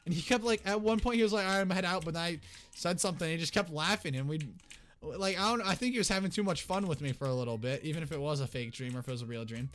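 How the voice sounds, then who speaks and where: A young man telling a rambling, excitable story to his viewers in a casual storytime vlog. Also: on the high side, rapid-fire. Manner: excitable, rambling, restarts often. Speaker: YouTuber.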